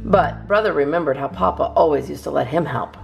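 A woman narrating a children's storybook aloud in a lively, expressive way. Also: low voice, brisk, gravelly, highs cut off, faint music behind.

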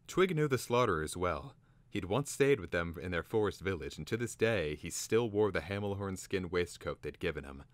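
A man's voice: low voice, animated, moderate pace, no echo. A man giving a theatrical, dramatic reading of a fantasy story. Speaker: reader.

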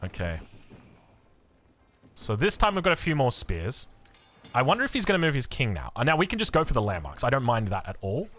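An Australian man commentating his own strategy game as he plays, excitable and foul-mouthed, jumping from yelling at his units to muttering about his mistakes. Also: medium pitch, brisk, long pauses. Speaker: gameplay streamer. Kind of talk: live gameplay commentary.

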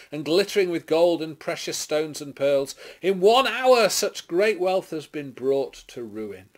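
An English man, a clergyman, reading scripture dramatically and then preaching a short sermon, declaiming loudly and rising on exclamations. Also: high-pitched. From England. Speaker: clergyman giving a short Bible reflection.

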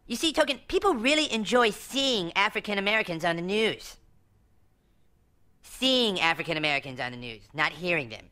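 A patronizing cartoon media coach with a bright, lively voice. She hedges and pauses while she talks down to her listener. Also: mid-range voice. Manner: hesitant, patronizing. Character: condescending adult woman media coach. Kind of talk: cartoon voice acting.

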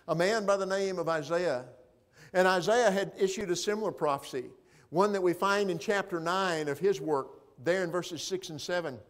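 Church preacher, man, higher-pitched, big swings from booming to soft. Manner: swings from loud proclaiming to hushed, quiet appeals. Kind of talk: sermon. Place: church sanctuary.

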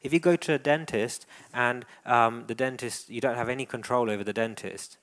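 A man giving a live dog-training demonstration, calmly narrating a dog's behaviour and encouraging the owner. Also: mid-range voice, moderate pace. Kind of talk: presentation with live coaching. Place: indoor event hall.

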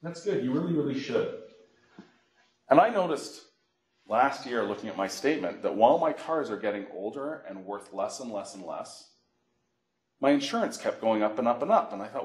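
A middle-aged man from Canada, a financial educator giving a workshop, telling animated stories and acting out phone calls. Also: mid-range voice, moderate pace, long pauses. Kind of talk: workshop presentation with anecdotes. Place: library meeting room. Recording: echoey room.

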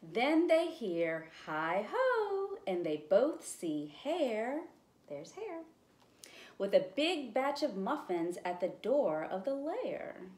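A woman librarian leading a children's storytime, reading aloud slowly and encouraging the listeners. Her fairly high voice swings widely in pitch as she reads. The recording has a roomy echo. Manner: slow, expressive, encouraging.

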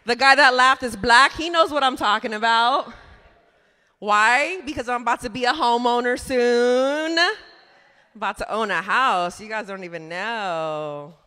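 A woman's voice: fairly high pitch, a little slow, bright, forceful tone, clean tone. Woman doing stand-up, chatty and laughing at her own bits, long echo in the club. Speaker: stand-up comedian. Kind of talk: stand-up comedy set. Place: comedy club stage. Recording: reverberant club room.

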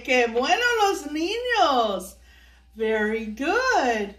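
Older woman reading aloud, animated and slow. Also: sits high. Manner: playful, coaxes children to join in. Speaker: storyteller host. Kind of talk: children's storybook read-aloud. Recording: echoey room, voice from far off.

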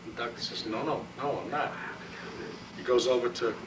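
A man telling a joke at a party, animated, doing the characters' voices. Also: medium pitch, moderate pace. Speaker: joke teller. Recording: far-off camcorder mic with room noise.

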